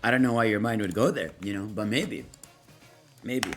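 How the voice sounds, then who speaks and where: A man's voice: fairly low pitch, normal speed, music in the background. A young man streaming live, rambling in slangy, laughing casual chat as he reads out chat prompts. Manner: rambling, laughing, slangy, voices quoted characters.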